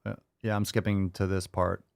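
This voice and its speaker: A man delivers a sarcastic, profanity-laced rant, reacting to a video as the host of his own show. His voice sits low with a gravelly fry. The sound is dry and close, with no room around it. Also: level tone, moderate pace, no echo. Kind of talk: ranting commentary.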